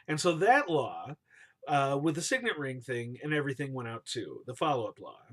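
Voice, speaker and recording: A man's voice: mid-range voice, very animated, moderate pace. A man retelling a scripture story casually and playfully, cheering and booing the names as he goes, in slangy speech.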